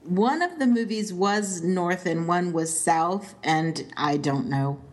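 A woman co-hosting a podcast in casual chat, animated and emphatic, laughing often. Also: on the low side, takes it slowly. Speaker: podcast co-host.

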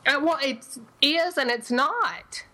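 A woman co-hosting a casual TV recap podcast, animated and acting out quoted lines. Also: high-pitched, takes it slowly, low-quality recording. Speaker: podcast co-host.

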